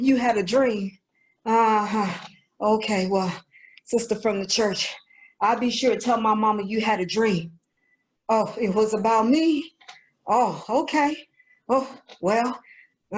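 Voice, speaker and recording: A woman voicing a sassy young woman looter in a comedic skit, boastful and slangy with drawn-out exclamations. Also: on the high side, low-quality recording. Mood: evasive.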